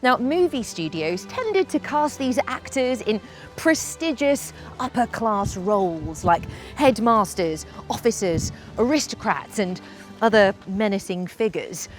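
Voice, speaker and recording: Woman hosting a video, bouncy up-and-down voice, playful, soft music under her. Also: medium pitch, unhurried. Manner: playful, teasing, expressive. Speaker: presenter. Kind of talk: scripted explainer narration.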